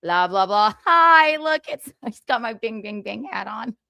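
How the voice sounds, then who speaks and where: A woman's voice: a little high, expressive, a little slow, gravelly, bright, forceful tone, no room sound. A woman in her thirties hosting a livestream, giving casual gossip commentary with sarcastic, profane asides and laughter. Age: 30s. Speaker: livestream host.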